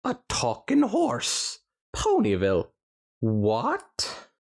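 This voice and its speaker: A man's voice: mid-range voice, wildly swooping pitch, extremely slow, vocal fry, pitched above the performer's own voice, exaggerated voice. Guy putting on a wacky time traveler stallion w/ a try-hard scottish accent, lots of questions. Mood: quizzical. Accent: attempted Scottish. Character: eccentric male time-traveling pony stallion.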